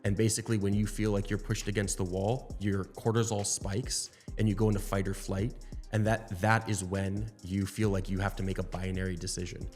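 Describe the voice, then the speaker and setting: A man's voice: on the low side, level tone, fairly quick, darkish tone, faint music behind. A man hosting a podcast, explaining ideas in a coaching way. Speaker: podcast host. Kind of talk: casual podcast conversation.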